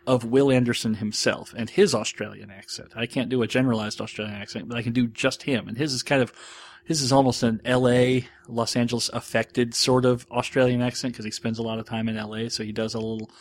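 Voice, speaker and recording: A man hosting a podcast, talking through listener questions in a loose, rambling monologue. He is quick to poke fun at himself, and his voice sits in an ordinary middle pitch. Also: flat delivery, a little hiss or hum. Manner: rambling, self-deprecating. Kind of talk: casual monologue.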